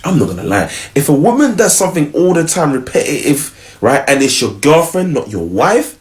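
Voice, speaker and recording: A man's voice: a little high, very animated, normal speed. A man giving casual relationship advice, slangy and acting out both partners.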